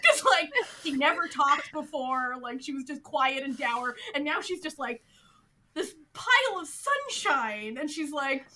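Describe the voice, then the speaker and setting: A woman's voice: high voice, a little slow. A woman co-hosting a podcast, animatedly recapping a TV show in casual chat, full of "like". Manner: animated, chatty, heavy use of "like". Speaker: podcast co-host.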